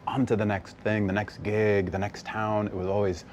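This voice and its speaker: A young man from the US West Coast, an actor chatting casually in an interview, animated and laughing often. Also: on the low side, moderate pace, slight background noise. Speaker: actor guest. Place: bar.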